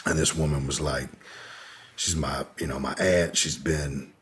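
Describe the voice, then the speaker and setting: A man's voice: a bass voice, steady tone, unhurried, slight background noise. A man telling a long personal story as an interview guest, candid and rambling, with frequent profanity and fillers.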